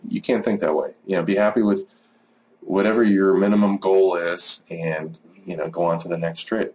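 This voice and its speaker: Over a screen recording, a man teaches forex trading in a deep, darkish voice at a moderate pace, with fairly even intonation. He keeps it casual and practical, rambling a bit and dropping plenty of "uh"s and "you know"s.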